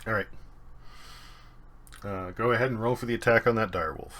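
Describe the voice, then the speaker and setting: A man's voice: fairly low pitch, steady tone, fairly quick, fairly bright tone. A man running a tabletop game as game master, narrating combat vividly with many fillers.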